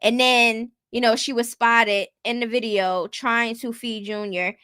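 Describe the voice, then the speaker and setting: Her voice sits on the high side with fairly even intonation, a little slow, pushed and bright yet smooth, with no room sound. As a casual commentary host she's blunt and rhetorical, repeatedly asking her viewers "you get what I'm saying".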